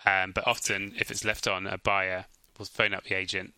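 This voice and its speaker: A man with a low voice and a strikingly bright, crisp tone walks through things in a relaxed, lightly joking way. The recording is close and dry. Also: normal speed, no room sound. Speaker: podcast co-host. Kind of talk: casual conversational podcast.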